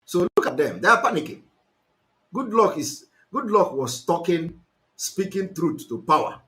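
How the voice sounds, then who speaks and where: A man's voice: on the high side, sing-song, normal speed. A man giving impassioned, mocking political commentary to his listeners. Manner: forceful, mocking, mixes in pidgin and Igbo. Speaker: activist broadcaster.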